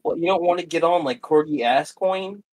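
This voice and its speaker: A man's voice: a little high, moderate pace, darkish tone. A man chatting casually over a voice call, dropping dry jokes and quips.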